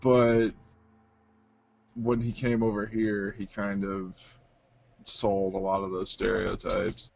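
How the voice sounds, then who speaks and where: Low, gravelly male player, deadpan wisecracks, muffled stream audio. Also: slow, pauses often, a little hiss or hum. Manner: dry quips and asides. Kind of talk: casual chat.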